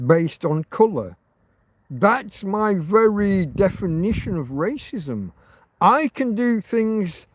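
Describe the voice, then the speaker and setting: A man's voice: high voice, no echo. A man hosting a rambling livestream, ranting heatedly with plenty of swearing and restarts. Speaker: livestream host.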